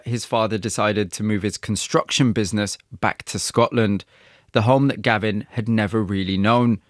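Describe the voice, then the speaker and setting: A male radio presenter narrating a documentary segment in a measured way and asking empathetic questions. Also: fairly low pitch, no echo, studio quality. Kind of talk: scripted narration and interviewing.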